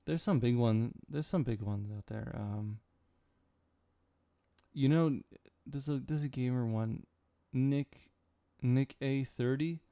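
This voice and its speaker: A man's voice: medium pitch, slow pace, warm tone. A young man, sleepy, rambling and joking with his chat during a casual late-night stream. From Canada.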